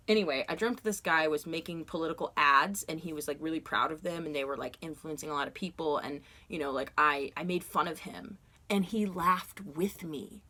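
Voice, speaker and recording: A woman telling a long story from her dream journal in a casual, rambling way, full of "like" and "you know," and getting animated as she goes. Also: moderate pace. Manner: animated, gets loud and high when retelling confrontations.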